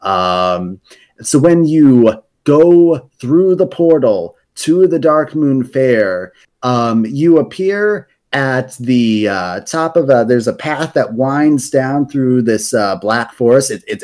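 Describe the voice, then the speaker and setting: A man's voice: medium pitch, animated, takes it slowly, darkish tone. A man on a podcast explaining video game lore in a casual, rambling way, with many fillers and restarts.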